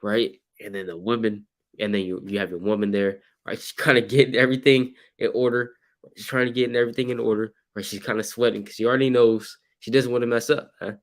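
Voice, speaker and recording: A low-voiced man teaching scripture in loose street slang. He acts out little scenes and breaks into sudden shouts. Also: level tone, fast talker.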